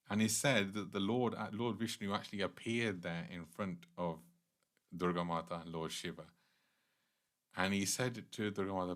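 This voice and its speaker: A man's voice: low voice, moderate pace. Conversational man telling a devotional story. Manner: conversational, animated when voicing characters, laughs lightly. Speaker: temple class speaker.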